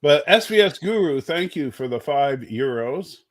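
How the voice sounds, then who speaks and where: A man's voice: a little high, expressive, moderate pace, dry recording. A man co-hosting a casual chat, making wry, joking remarks.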